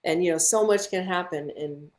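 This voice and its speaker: A woman filmmaker, a guest on a podcast, talking in a relaxed, animated way and laughing often. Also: lowish voice, moderate pace. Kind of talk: casual interview chat.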